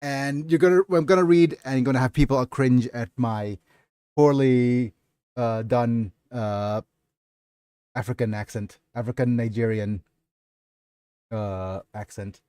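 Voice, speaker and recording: A man hosting a livestream, talking in an unhurried and rambling way as he answers his chat. His voice sits in the middle of the male range and sounds close and dry, with almost no room around it. He wanders from point to point with plenty of stops and restarts. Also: medium pitch, fairly even intonation, warm tone, clear, resonant tone, no echo. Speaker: livestream host. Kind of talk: casual livestream chat and reading aloud.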